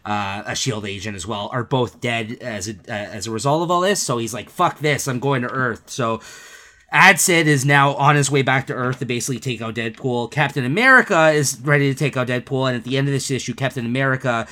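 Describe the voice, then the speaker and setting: Bright-voiced man laughing through a story. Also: mid-range voice, fairly quick. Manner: laughs while retelling scenes, many fillers. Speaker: podcast co-host. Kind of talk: casual comic book chat.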